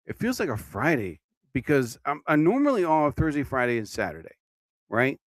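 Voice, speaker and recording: Yawny tired guy just rambling on his live podcast, bouncy pitch, dry sound. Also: big pitch swings, moderate pace, no echo. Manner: drowsy, yawning, meandering talk. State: tired and yawning. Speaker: podcast host. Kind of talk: rambling casual livestream chat.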